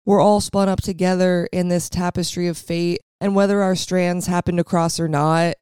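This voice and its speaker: Young woman podcaster, raspy valley girl vibe, warm mellow tone, super dry close mic. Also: lowish voice, dry recording. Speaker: podcast host. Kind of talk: casual reflective monologue.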